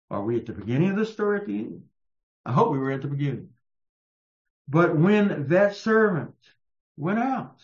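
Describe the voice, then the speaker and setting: A man preaching a sermon in a slow, emphatic storytelling manner. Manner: slow, emphatic storytelling with raised-pitch quotes. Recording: echoey, muffled room sound.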